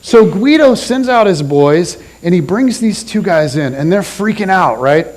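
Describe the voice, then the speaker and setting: Male pastor, sermon, high voice, lively swooping delivery, storytelling, church. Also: a little slow, low-quality recording. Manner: animated storytelling, drops low and soft for quotes.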